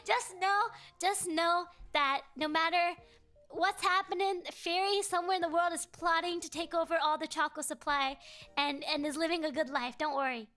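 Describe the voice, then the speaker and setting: A young woman streamer with a very high, bright voice chatting casually with her viewers. She is bubbly and playful, gushing thanks over and over, then drops to a softer mumble when she muses. Faint music plays behind her. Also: fairly even intonation, moderate pace. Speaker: VTuber streamer. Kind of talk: casual livestream chat.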